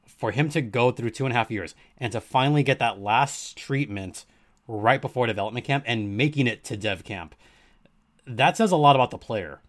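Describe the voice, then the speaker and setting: A man hosting a hockey podcast in an earnest, emphatic way, leaning on his key points and repeating them. His voice sits at an ordinary middle pitch. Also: moderate pace, fairly bright tone. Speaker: podcast host. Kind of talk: sports podcast commentary.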